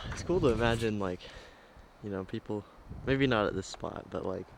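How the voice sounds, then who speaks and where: Low-voiced man rambling on a vlog. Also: normal speed, gravelly, a little hiss or hum, rough recording. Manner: rambling and hesitant, many fillers. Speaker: travel vlogger. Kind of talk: casual vlog narration. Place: outdoors on a trail and a scenic overlook. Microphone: handheld camera mic.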